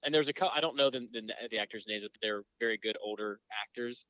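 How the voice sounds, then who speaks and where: A man co-hosting a podcast, walking through a movie plot in an easygoing way with plenty of fillers. His voice sits at a middle pitch. The sound is dry and slightly dull. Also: fast talker, clear, resonant tone, dry recording. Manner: easygoing, filler-heavy summarizing. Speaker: podcast co-host. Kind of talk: casual movie discussion.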